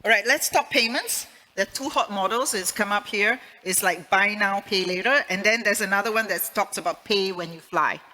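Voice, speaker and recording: Bright-voiced woman interviewer, conversational. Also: medium pitch, moderate pace, few pauses, rough recording. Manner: conversational, rambling questions. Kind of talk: conference interview.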